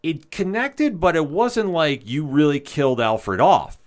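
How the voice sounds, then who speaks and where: A man's voice: a little high, big pitch swings, unhurried. A man hosting a casual film discussion podcast, steering the talk and putting questions to his co-hosts.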